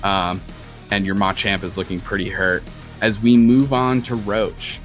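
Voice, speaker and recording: A man's voice: on the low side, little pitch movement, measured pace, fairly bright tone, soft background music. A young man narrating a tabletop game as dungeon master, loose and casual. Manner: loose, casual, many fillers.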